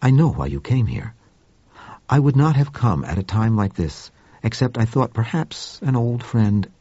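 A man voicing a gentle, furry male Martian with a soft, sibilant, formal way of speaking, in an audiobook reading. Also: medium pitch, expressive, breathy edge, dry recording, dull audio. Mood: calm. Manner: measured, formal speech.

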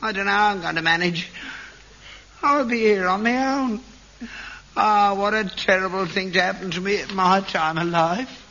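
An actor playing a selfish, scornful older working-class father, speaking slowly in a gravelly, scoffing way in a sitcom. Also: high voice, pushed and bright. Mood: self-pitying. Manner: slow gravelly scoffing delivery. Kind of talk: 1960s-70s TV sitcom acting. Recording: dull old TV recording, faint hiss.

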